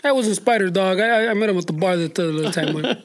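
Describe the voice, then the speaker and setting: A man's voice: sits high, fast. A man in casual banter, teasing a friend and bringing up shared memories. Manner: ribbing, recalls shared memories, mixes in Spanish slang.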